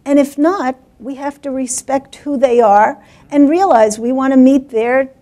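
A woman giving a workshop talk to teachers, animated and acting out stories. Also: high voice, measured pace. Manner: animated, acts out voices. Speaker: guest speaker for teachers.

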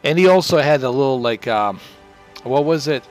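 A man's voice: mid-range voice, animated, moderate pace, soft background music. Boastful rambling male streamer. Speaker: livestreamer. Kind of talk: rambling livestream chat.

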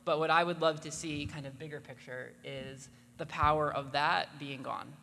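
Bright man speaking haltingly on a panel. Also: a little high, steady tone, vocal fry. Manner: halting, full of fillers. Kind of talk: live panel discussion. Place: convention hall stage. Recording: echoey hall with faint noise.

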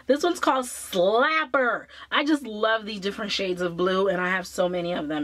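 A woman's voice: mid-range voice, normal speed, few pauses, fairly bright tone. A woman chatting enthusiastically to her viewers in a casual beauty haul vlog. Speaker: beauty vlogger.

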